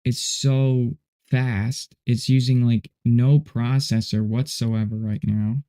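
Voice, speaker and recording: Male streamer, relaxed and rambling, mellow low-key voice, chats to his viewers while he works. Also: slow pace, clean tone. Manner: rambling, laid-back, says dude and you know a lot. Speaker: livestream host. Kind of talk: casual livestream chat while coding.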